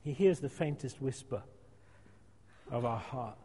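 A man preaching a sermon in a church, emphatic and repetitive, sometimes dropping to a soft hush. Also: medium pitch, lively intonation, a little slow. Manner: emphatic, repeats phrases, drops to a soft hush. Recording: long hall reverb.

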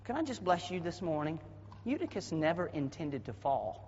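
A man from the American South with a Southern accent, preaching a sermon as pastor with a husky voice, dropping to quiet asides and then bursting into loud shouted passages. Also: on the high side, big pitch swings, moderate pace. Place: church sanctuary. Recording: dull audio with long hall reverb.

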